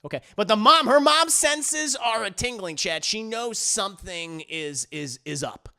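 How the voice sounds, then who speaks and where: A man recapping an anime episode in casual, animated, profane talk, full of restarts. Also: high-pitched, unhurried, smooth. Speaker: TV reviewer. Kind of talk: casual first-watch recap.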